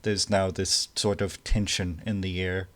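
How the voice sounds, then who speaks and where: Brief: male game master, lowish pitch, slow, halting scene-setting. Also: little pitch movement, a bit bright. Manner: slow, halting narration with many restarts. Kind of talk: narrating a tabletop game.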